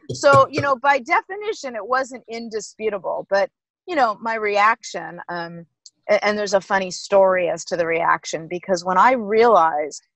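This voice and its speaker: A middle-aged woman, a former team executive, telling stories in an emphatic, lively interview manner. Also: mid-range voice, no echo, rough recording. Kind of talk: animated interview storytelling.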